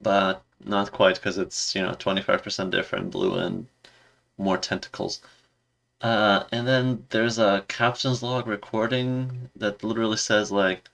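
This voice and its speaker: A man's voice: lowish voice, steady tone, a little slow, vocal fry, fairly bright tone. A man giving a casual, rambling review in a sarcastic, exasperated tone. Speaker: video reviewer.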